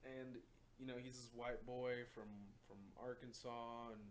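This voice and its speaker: A man, co-hosting a podcast and telling profane, animated stories with lots of laughter. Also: medium pitch, measured pace. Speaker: podcast co-host. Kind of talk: casual storytelling chat. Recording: faint background noise.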